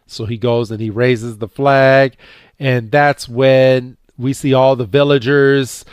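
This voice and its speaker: A man co-hosting a podcast, casually recapping a cartoon episode and acting out the characters' lines with a jumpier, higher voice, full of fillers and repeats. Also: slow pace, clean tone, no echo, clean studio sound. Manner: animated retelling, acting out characters' lines with raised pitch; many fillers and repeated words. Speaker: podcast co-host.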